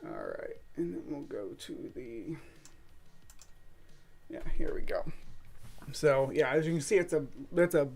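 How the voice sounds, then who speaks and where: A man hosting a casual late-night livestream from a room at home, talking in a halting, rambling way full of filler sounds. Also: on the high side, huge pitch swings, creaky, darkish tone. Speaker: streamer hosting a late-night bug stream. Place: home room set up for streaming.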